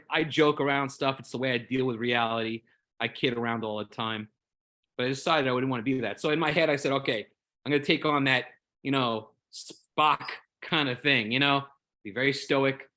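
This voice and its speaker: A man's voice: medium pitch, a bit bright. A man in a casual group discussion, telling a story in a rambling, earnest, openly emotional way, often repeating words while he searches for them. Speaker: Jedi community member.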